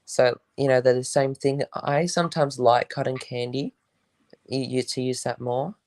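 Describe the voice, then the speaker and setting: A man's voice: medium pitch, steady tone, moderate pace, darkish tone, no echo. A young Australian man from Melbourne joining a live stream over a video call, easygoing and a bit rambling. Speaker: livestream guest. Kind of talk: casual live-stream chat.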